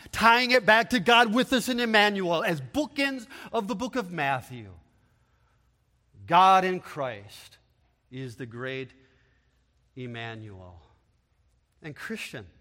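A pastor delivering an impassioned sermon in a high, bright man's voice. He takes his time, leaning on words and letting the long reverb of a large church hall ring after each phrase. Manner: impassioned preaching, swinging from hushed to loud. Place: church sanctuary.

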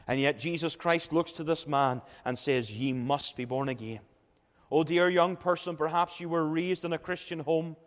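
At a young adults' conference in a church, a pastor preaches emphatically, repeating key phrases and building up to each point. His voice is high, followed by a long reverb tail.

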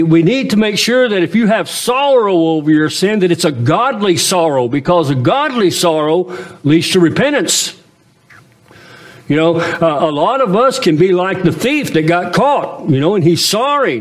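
High-voiced man preaching earnestly. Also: expressive, normal speed. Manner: earnest preaching, rhetorical questions to the congregation. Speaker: pastor. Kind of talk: sermon.

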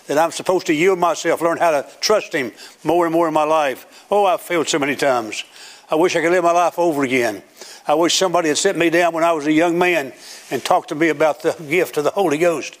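Older male preacher, slightly high voice, emphatic rising cadence, church sermon. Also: a little fast. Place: church sanctuary with platform.

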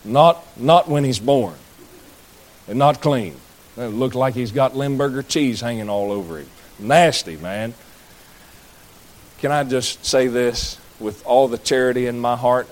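A man's voice: mid-range voice, a little slow. A man preaching a sermon, folksy, with jokey asides to the congregation. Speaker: pastor.

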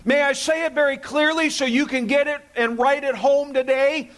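A man's voice: extremely high pitch, steady tone, normal speed, fairly bright tone. A man preaching a sermon as pastor, emphatic, repeating key phrases and asking the congregation to say words with him.

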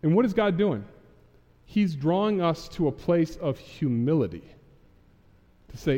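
A man's voice: a little high, lively intonation, unhurried, pauses often, warm tone, long reverb tail. A man preaching a sermon, acting out Bible figures in casual modern speech. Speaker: pastor. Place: church sanctuary.

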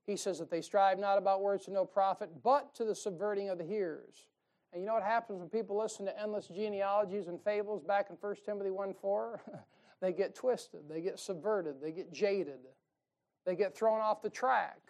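A man's voice: sits high, darkish tone. A man preaching a fiery sermon from a church pulpit, folksy and emphatic. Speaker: pastor. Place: church sanctuary.

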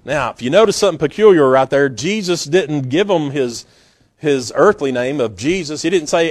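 A man's voice: fairly high pitch, animated, normal speed. Folksy preacher man telling stories. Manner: folksy storytelling, acts out scenes with sudden loud bursts. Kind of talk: sermon.

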